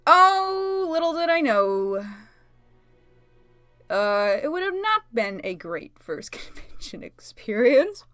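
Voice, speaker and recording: A woman telling a convention story while she paints at home, chatty and giggly with quick asides. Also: a little high, sing-song, no room sound, faint music behind. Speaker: video creator. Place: home, talking to her pet bird.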